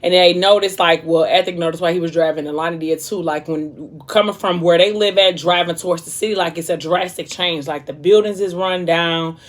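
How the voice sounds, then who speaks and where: A woman's voice: fairly low pitch, steady tone, a little fast, few pauses. A young woman vlogger casually retelling a book in a chatty, slangy way while she eats. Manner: chatty, slangy storytelling, eating between lines. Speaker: vlog host.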